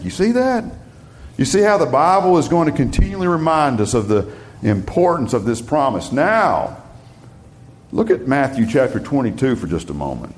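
A man preaching a Bible study sermon. He reads scripture slowly and with emphasis, then explains it in plain talk. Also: medium pitch, very animated.

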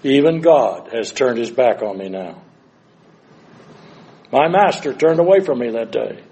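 An older man preaching a sermon, moving between hushed, slow passages and loud, dramatic cries. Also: medium pitch, lively intonation.

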